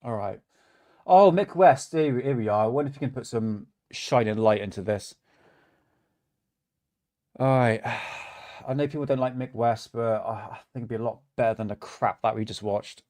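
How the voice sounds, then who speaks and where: A man's voice: mid-range voice, moderate pace, a little mellow. A man hosting a livestream, ranting in exasperation, swearing and stammering through restarts. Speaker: livestream host. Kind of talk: reaction livestream rant.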